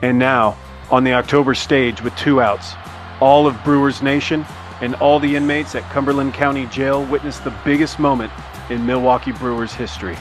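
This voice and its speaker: A man narrating a scripted tribute in a measured, respectful way. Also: medium pitch, steady tone, over music.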